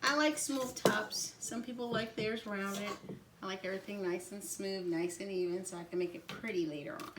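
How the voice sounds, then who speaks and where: A woman's voice: medium pitch, moderate pace. Chatty Southern woman baking at home. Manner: chatty, talks to viewers directly, laughs often. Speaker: home baker host. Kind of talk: cooking demonstration. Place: home kitchen. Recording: loud mixer noise and clicks.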